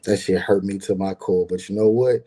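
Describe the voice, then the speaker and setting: Low mellow-voiced man telling a story. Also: fairly quick, breathy edge. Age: adult with grown son. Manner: rambling, repeats words, lively quoting. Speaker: streamer telling a personal story. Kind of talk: casual storytelling monologue.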